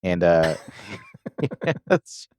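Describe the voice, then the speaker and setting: A man's voice: low voice, big pitch swings, very slow, darkish tone. A man co-hosting a podcast, casually retelling a movie's plot with lots of fillers and quoted lines. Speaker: podcast co-host recapping a film. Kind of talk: casual chat.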